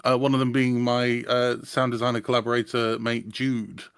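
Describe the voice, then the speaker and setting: A man asking a guest curious questions in casual chat, halting as he talks. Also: medium pitch, little pitch movement, fairly bright tone, clear, resonant tone, dry recording, studio quality. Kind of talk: casual chat on a live stream.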